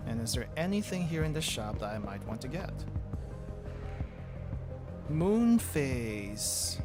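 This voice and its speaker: A young man streaming a video game, thinking aloud and reading item text in a halting, casual way. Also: mid-range voice, big pitch swings. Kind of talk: casual gameplay commentary. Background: game music.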